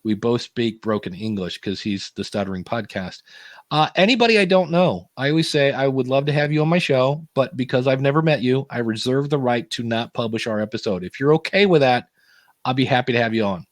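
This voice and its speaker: A man's voice: medium pitch, expressive, fairly quick, dry recording, clean studio sound. A man co-hosting a live podcast in casual chat, rambling and joking as he reads out viewer questions. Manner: rambling, jokey, self-interrupting. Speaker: podcast co-host.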